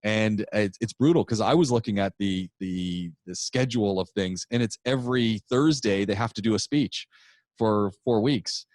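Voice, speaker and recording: A man co-hosting a podcast, telling a rambling, animated story about his public speaking class in a casual chat. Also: fairly low pitch, moderate pace, no echo, studio quality.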